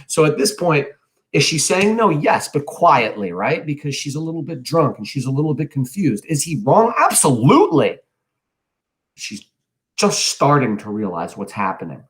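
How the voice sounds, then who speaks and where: A man's voice: a little high, sing-song, moderate pace. A man teaching a class, reading a novel aloud and stopping often to explain it, ask questions and comment earnestly. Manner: earnest, occasionally loses his place.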